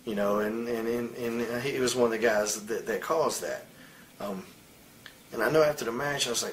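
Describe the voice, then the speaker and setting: Man, 40s, ex-wrestler, heated and crude storyteller, average pitch, light hiss behind. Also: brisk, fairly bright tone. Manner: blunt, profane, heated storytelling. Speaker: retired pro wrestler as interview guest. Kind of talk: candid shoot interview.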